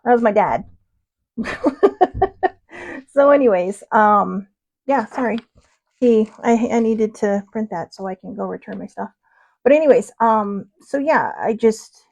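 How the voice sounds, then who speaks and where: A woman's voice: medium pitch, a little slow, creaky, pauses often, a little mellow. A woman hosting her own show in a casual chat style, wandering off topic and laughing often. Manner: rambling, digressive, laughs often. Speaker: show host.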